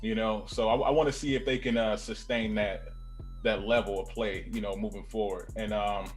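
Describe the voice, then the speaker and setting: A man's voice: on the low side, fairly even intonation, normal speed, soft background music. A laid-back man co-hosting a sports podcast, talking loosely with many "you know"s. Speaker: podcast co-host. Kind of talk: casual sports chat.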